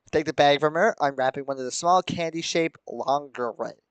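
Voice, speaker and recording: A man's voice: on the high side, brisk, smooth, muffled recording. A young man streaming live as he reads a visual novel aloud, breaking off into chuckles and joking asides. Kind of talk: live let's-play commentary mixed with reading aloud.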